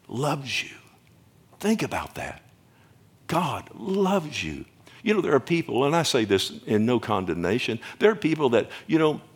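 An older man preaching a sermon in a folksy, emphatic way, often asking the congregation questions. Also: low voice. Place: church or stage before a congregation.

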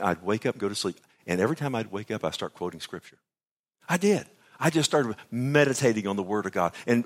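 Low-voiced man preaching; theatrical shifts from shouting to near-whisper, altar-call prayer. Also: expressive, a little fast. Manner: dramatic swings from loud exclaims to hushed whispers. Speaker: pastor. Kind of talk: sermon. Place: church service.

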